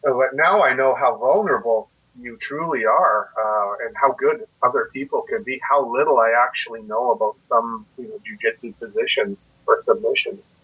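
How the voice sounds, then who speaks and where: Guest part for a reflective, self-deprecating Canadian man in his forties, bright tone, muffled lo-fi sound. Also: mid-range voice, moderate pace, hardly any pauses, slightly rough. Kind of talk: casual storytelling interview. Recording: muffled lo-fi audio.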